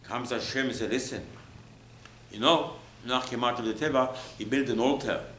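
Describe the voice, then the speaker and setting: A man giving a sermon as a rabbi, animated, often jumping up in pitch to mock people. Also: normal speed. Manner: animated, acts out mocking voices, jumps high in pitch. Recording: echoey room with faint ambient noise.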